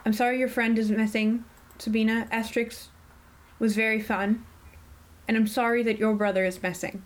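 A woman's voice: on the high side, flat delivery, normal speed, lightly acted. Woman playing a flustered young student. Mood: evasive. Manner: evasive, flustered. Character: nervous young female student, defensive. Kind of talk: tabletop role-play.

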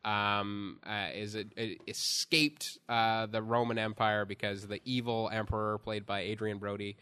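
A man's voice: fairly low pitch, level tone, unhurried, pushed and bright, clear, resonant tone. A man chatting casually as he reviews a film, rambling with lots of fillers and restarts. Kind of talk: casual chat.

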